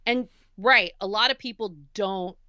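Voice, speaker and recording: Woman on a movie podcast, bright clear voice, kinda muffled audio. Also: mid-range voice, unhurried, no room sound. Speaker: podcast co-host. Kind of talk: casual film discussion.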